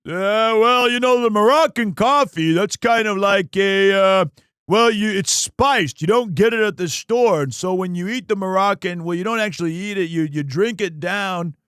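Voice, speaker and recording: Picture a bumbling sportscaster in a put-on Scottish accent, rambling loudly and losing his thread, as a man fakes it. The voice sits rather high. It is recorded close and dry, with no room sound. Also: moderate pace, smooth, no echo. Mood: blustery. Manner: rambling, loud, meandering. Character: bumbling male sportscaster with a fake Scottish lilt.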